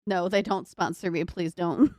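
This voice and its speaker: A woman's voice: lowish voice, steady tone, moderate pace, a little mellow, no room sound. Young woman streaming at her desk, northern us accent gone a bit southern, giggles a lot, dry close sound. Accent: northern US with a Southern US tinge. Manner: giggly, laughs often, rambling self-talk. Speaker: livestreamer. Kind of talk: casual live-stream chat while building. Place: home computer desk.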